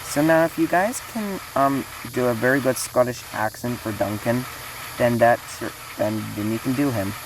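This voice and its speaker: A woman's voice: rumbling low, moderate pace. A woman casually announcing a fan series casting call, rambling with fillers and restarts, over a noisy hiss.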